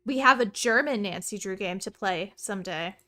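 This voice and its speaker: A woman streamer giving chatty, excitable let's play commentary full of rambling asides. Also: mid-range voice, moderate pace.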